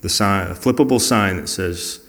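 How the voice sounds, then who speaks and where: A man's voice: low-pitched, normal speed, a bit bright. A man sharing personal stories in an earnest, reflective way during a conversational talk. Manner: earnest and reflective, acting out quoted dialogue.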